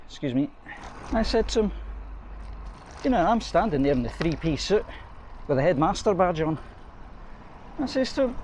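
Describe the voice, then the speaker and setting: A man's voice: fairly high pitch, big pitch swings, moderate pace, long pauses, darkish tone. A middle-aged man, a head teacher chatting wryly to the camera while cycling outdoors, recorded on an action camera. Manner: chatty, wry anecdotal storytelling. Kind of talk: casual storytelling vlog while cycling. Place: outdoors on a bike along an urban road. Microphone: action camera mounted on a bike. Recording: faint street and traffic noise.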